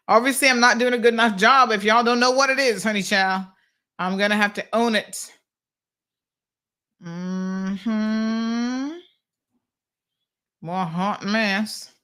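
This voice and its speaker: A Caymanian woman hosts a casual call-in talk show, rambling and exasperated as she reads listener comments and tells stories. Her mid-range voice has a sharp tone, and she goes slowly with long pauses.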